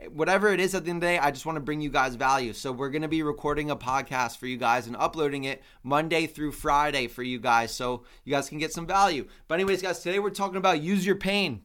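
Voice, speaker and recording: A man's voice: a little high, fast talker, hardly any pauses, a bit bright, clean tone. A young man hosting a fitness podcast, telling a personal story in an earnest motivational monologue full of fillers and repeated phrases.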